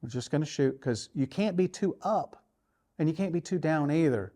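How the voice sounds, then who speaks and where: A man's voice: on the high side, normal speed. Man coaching archery through a story. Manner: animated storytelling, acts out his inner voice. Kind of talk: tournament story and coaching talk.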